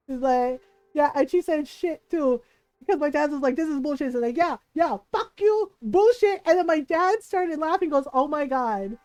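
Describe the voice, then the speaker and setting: A woman streaming from home, a native Tagalog speaker, telling a family story in casual chat, animated, laughing often and swearing freely. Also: high voice, no echo, poor audio. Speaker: livestream host.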